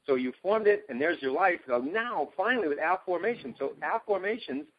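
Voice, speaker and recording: An excitable self-help coach, appearing as a guest, talks briskly in a husky voice, explaining his ideas in an animated, conversational way. He's enthusiastic and emphatic, swooping up in pitch on key words, and the call-line audio is muffled, dull and lo-fi.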